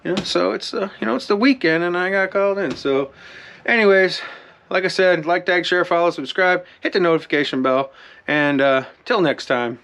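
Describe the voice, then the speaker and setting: A man talks through a how-to in a loose, rambling way, full of fillers and restarts. He sounds a bit winded. His voice sits a touch higher than most men's. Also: normal speed, a bit bright. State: out of breath. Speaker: DIY channel host. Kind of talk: casual how-to talk to camera.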